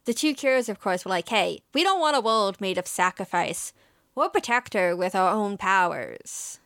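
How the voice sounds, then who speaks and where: In a relaxed podcast chat, a woman with a medium-pitched, slightly bright voice and lively intonation recaps an anime episode at a moderate pace. She's talkative and emotional, packing in fillers and quoted lines. The audio is studio quality with no echo.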